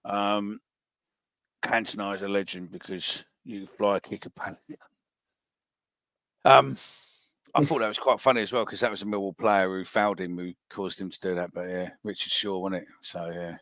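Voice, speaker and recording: Blunt man, very low voice, dry close mic, podcast host reading fan predictions. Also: steady tone, normal speed, a bit bright, no room sound. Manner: blunt, swears freely. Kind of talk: casual football podcast chat.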